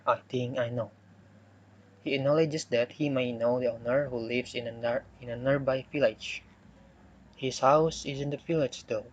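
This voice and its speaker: A young man whose first language is Indonesian gives a class presentation at a very slow, careful pace. He hesitates often, filling gaps with "uh" and correcting himself mid-sentence. His voice sits at a medium pitch. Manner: hesitant, with many "uh" fillers and self-corrections. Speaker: student presenting a poem analysis.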